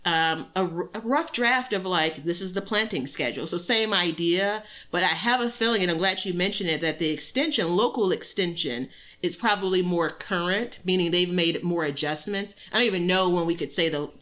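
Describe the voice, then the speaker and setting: A woman's voice: on the low side, moderate pace, fairly bright tone. A woman co-hosting a podcast in a rambling, chatty way, full of filler words. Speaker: podcast co-host. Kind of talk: casual chat.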